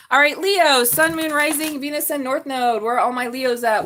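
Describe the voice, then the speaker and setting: A woman's voice: sits high, expressive, normal speed, hardly any pauses, fairly bright tone, a little hiss or hum. A woman doing a live tarot reading, chatty and blunt, swearing and laughing as she talks. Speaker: tarot reader.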